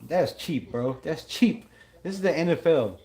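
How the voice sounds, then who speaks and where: A man hosting a live game-watch stream, excitable and blunt, calling plays, griping about flags and greeting chat viewers. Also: on the high side, unhurried. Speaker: livestream host.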